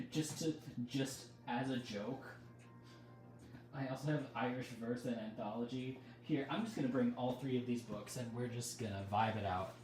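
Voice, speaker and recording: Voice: medium pitch, normal speed, a little mellow, soft background music. A livestream host chatting casually with viewers, rambling, breaking off mid-thought and laughing often.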